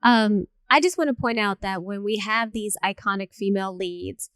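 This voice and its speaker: A woman moderating a panel who tells stories in a chatty, lively way with many fillers. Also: mid-range voice, moderate pace, smooth, dry recording. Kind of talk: panel storytelling.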